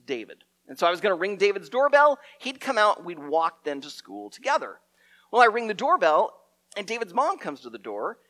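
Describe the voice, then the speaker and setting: Lively middle-aged male storyteller. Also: high voice. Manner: lively storyteller, acts out shouted quotes, stumbles and repeats words.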